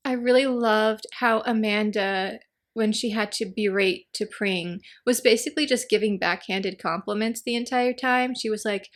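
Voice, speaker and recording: A woman giving a casual, animated spoken review of a TV episode, acting out the characters' lines as she retells scenes. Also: mid-range voice, moderate pace, gravelly.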